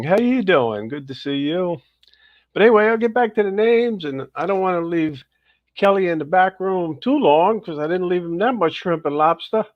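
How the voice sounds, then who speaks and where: A man's voice: on the high side, dry recording. A man hosting a casual livestream, upbeat and chatty, greeting viewers one by one. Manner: upbeat, greets viewers by name in a lively rising voice. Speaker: livestream host. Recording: dull, slightly lo-fi dry sound.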